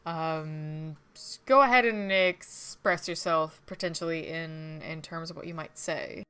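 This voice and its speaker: Woman storyteller running the table: bright, very clear voice, narrates scenes patiently with fillers. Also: sits low, a little slow, faint music behind. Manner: descriptive narration with many "uh"s. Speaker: game master.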